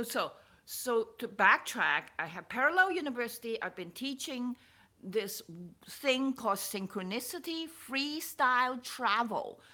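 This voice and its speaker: Slow-talking, emotional woman vlogger. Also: medium pitch. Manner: rambling, restarts and repeats words, excitable. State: emotional, stirred up. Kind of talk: personal vlog, emotional monologue.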